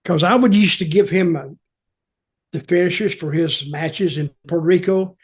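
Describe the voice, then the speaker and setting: An older man spins a casual story, his voice sitting fairly high. He retells conversations animatedly, acting out the quotes and chuckling as he goes. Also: moderate pace, breathy edge. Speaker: storyteller and show guest.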